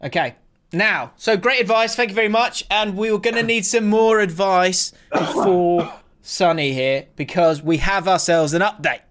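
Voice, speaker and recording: A man's voice: high voice, normal speed, a bit bright. A man co-hosting a podcast in casual chat, reading listener messages aloud and laughing often. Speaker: podcast co-host.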